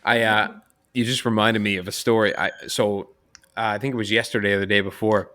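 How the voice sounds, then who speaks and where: Man, podcast co-host, lower voice, bright forceful tone, crude joking storyteller. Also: steady tone, a little fast, slight background noise. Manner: crude, joking, laughs at his own stories. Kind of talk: casual storytelling chat.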